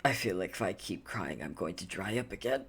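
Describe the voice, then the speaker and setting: A player voicing a young man just brought back to life, crying and overwhelmed, talking softly and haltingly in a tabletop game. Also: deep voice, creaky, breathy edge, exaggerated voice. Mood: tearful. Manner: halting, choked, soft.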